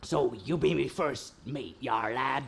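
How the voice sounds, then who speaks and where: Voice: medium pitch, measured pace, gravelly, husky. A performer playing a growling old pirate captain in an amateur radio comedy. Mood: gruff.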